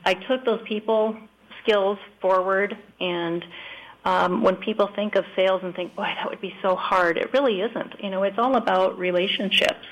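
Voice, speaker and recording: A woman's voice: mid-range voice, fairly even intonation, normal speed, highs cut off. A woman from South Dakota, a guest on a radio show, answering questions in a friendly, earnest way with many fillers. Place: radio studio.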